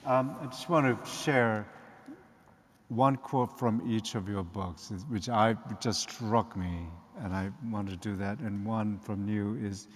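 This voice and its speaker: A man moderates a discussion from the stage of a reverberant church hall. He speaks slowly and softly in a low voice. The words ring out with long reverb.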